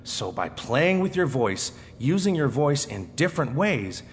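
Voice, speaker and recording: Expressive male storytelling teacher. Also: mid-range voice. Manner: expressive, shifting between fast excited and slow hushed delivery. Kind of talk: instructional talk with dramatic demonstrations. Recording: echoey hall with faint noise.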